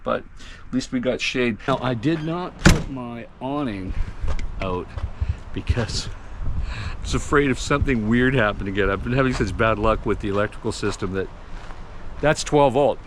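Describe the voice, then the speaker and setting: With background noise behind him, a man with a mid-range voice talks at normal speed. He's an RV vlogger giving a casual, chatty, self-mocking walkthrough of his motorhome from inside, laughing often.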